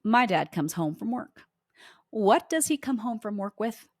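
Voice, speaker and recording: A woman's voice: fairly high pitch, big pitch swings, a little slow, no room sound, clean studio sound. A middle-aged woman hosting a homeschooling podcast, chatting casually and telling family stories as she acts out the dialogue. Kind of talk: casual anecdotal talk to listeners.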